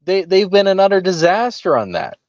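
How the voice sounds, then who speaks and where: A man's voice: sits high, sing-song, fairly quick, darkish tone, dry recording, highs cut off. A man co-hosting a political podcast, talking casually with a sarcastic, mocking edge and frequent laughs. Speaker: podcast co-host.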